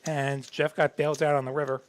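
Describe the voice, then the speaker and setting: A man's voice: on the high side, little pitch movement, brisk. A man doing live play-by-play commentary on poker, easygoing and analytical as he walks through each hand. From not from Texas.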